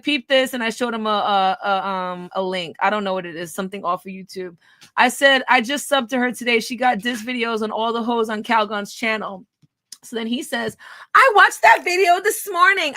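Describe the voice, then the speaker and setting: Woman commentator, high bright voice, dry close sound, crude and mocking, reads texts aloud between sudden loud jabs. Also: dry recording. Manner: shifts from hushed asides to loud outbursts. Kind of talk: profane commentary reading out text messages.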